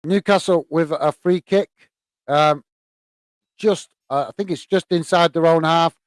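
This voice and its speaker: A man's voice: on the high side, measured pace, dry recording. A man hosting a live football watch-along from the UK, describing play and chatting with viewers, hesitant with many fillers. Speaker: host. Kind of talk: live match commentary and chat.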